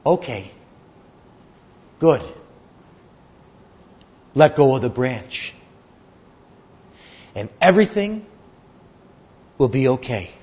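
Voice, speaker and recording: A man voicing a calm, reassuring divine voice answering from above. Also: mid-range voice, extremely slow, long pauses, voice pushed down. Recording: dull lo-fi recording.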